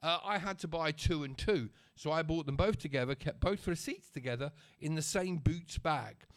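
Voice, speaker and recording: A man's voice: a little high, normal speed. A man telling a story to camera in a chatty, sarcastic rant, often checking in with his listener. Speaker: vlogger.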